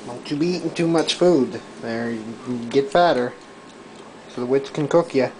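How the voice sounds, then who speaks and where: A man filming his pet cat at home, coaxing and teasing it, shifting between loud urging and soft baby-talk whispers. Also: mid-range voice, normal speed, a little hiss or hum, low-quality recording.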